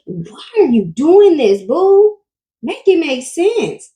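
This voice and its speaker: A woman hosting a casual reaction commentary, animated and asking her viewers questions directly. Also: high voice, a little slow, echoey room. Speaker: commentary channel host.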